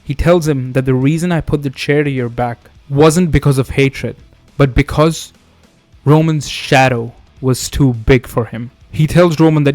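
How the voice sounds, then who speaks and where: A man hosting a wrestling video, narrating a made-up storyline in a steady storytelling way. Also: medium pitch, measured pace, no room sound, soft background music. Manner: steady storytelling, reads quotes in his own voice. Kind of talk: fantasy booking narration.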